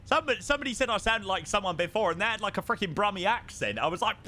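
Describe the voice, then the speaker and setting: A man's voice: sits high, expressive, rapid-fire, bright, forceful tone, a little hiss or hum. A man with a southern English accent chatting casually on a live stream, reading out viewer messages and swearing freely. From southern England. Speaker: flight sim streamer.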